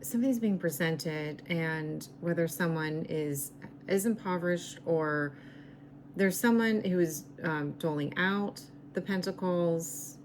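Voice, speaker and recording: Woman doing a tarot reading, low raspy voice, slow and musing, noisy background. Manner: slow, musing, repeats herself. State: losing her voice, raspy. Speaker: tarot reader.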